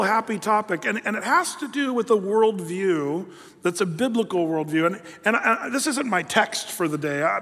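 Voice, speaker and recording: A male preacher with a high, ringing voice delivers a conversational sermon. He tells stories in a folksy, animated way. The recording has a long reverb tail from a large hall. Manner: chatty, folksy, animated storytelling.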